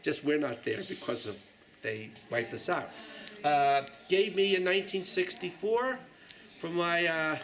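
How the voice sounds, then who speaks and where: A man's voice: fairly high pitch, unhurried, a bit bright, poor audio. A man in his sixties with a New York accent, a journalist rambling chattily through a casual tour of his exhibition, full of jokey asides. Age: 60s. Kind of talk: casual guided tour talk.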